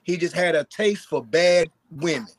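A man co-hosting a podcast, teasing the others in an animated way. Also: fairly high pitch, normal speed. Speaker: podcast co-host. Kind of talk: casual chat.

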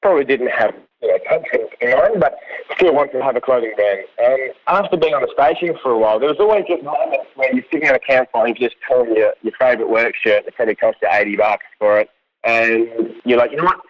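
A young Australian man, a cattle station worker, telling a long story in a relaxed, rambling way and laughing often. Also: medium pitch, fast talker, dull audio. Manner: laid-back, rambling, laughs often, quotes others in lively voices. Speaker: cattle station ringer, guest. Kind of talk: casual storytelling.

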